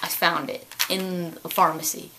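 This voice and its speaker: Excitable twenty-something woman vlogging. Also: fairly low pitch, unhurried, background noise. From California. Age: 20s. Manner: excitable storytelling, gushing, laughs often, repeats words. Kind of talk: casual chat to camera.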